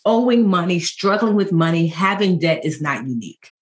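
A woman in her forties, a financial educator and podcast guest, telling stories in a lively, joking way. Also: on the low side, normal speed. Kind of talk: conversational podcast interview.

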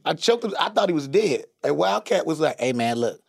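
A man from Chicago's west side, in his forties, telling profane stories in an animated casual chat as a podcast host. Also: fairly high pitch, brisk, creaky, breathy edge, no echo, studio quality. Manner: animated, profane storytelling with quoted voices.

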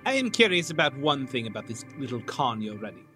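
A man's voice: mid-range voice, big pitch swings, fast, pushed and bright, faint music behind. Playful swaggering male player. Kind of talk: tabletop game chat.

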